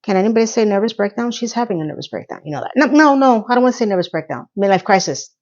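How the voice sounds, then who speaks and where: A woman recaps a TV episode in a chatty, offhand way, often breaking off to ask her viewers questions. Her voice sits at a middle pitch. The audio sounds a little dull and lo-fi. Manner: chatty, animated, quick asides and questions to viewers. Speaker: TV recap reviewer. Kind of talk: casual recap chat.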